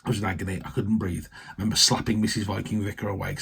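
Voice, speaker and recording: A British man, a vicar, giving a heartfelt personal faith testimony that halts and often trails off softly. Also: fairly low pitch, flat delivery, rapid-fire, gravelly, breathy edge.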